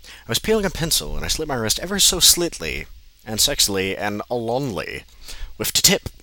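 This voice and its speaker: A man's voice: mid-range voice, gravelly, sharp tone, no room sound. A man doing a mock-dramatic comedic reading of a fan fiction, exasperated and swearing as he comments on it. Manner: exasperated, swearing, breaking up in disbelief.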